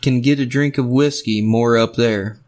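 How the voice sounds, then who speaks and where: A man's voice: mid-range voice, fairly even intonation, moderate pace, darkish tone. A man narrating a story in rhythmic, fragmentary phrases.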